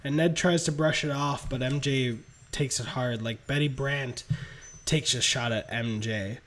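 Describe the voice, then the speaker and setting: A man hosting a podcast, pitching a movie plot scene by scene in an animated, laugh-filled way. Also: a little slow, slight background noise. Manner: animated storytelling, laughs between beats. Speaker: podcast host. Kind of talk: casual movie pitch narration.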